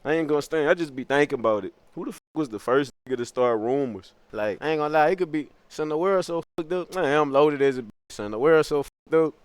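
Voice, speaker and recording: A young man streaming, rambling through profane comic musings in an animated, thinking-out-loud way. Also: fairly high pitch, fast talker, hardly any pauses, clear, resonant tone, no room sound.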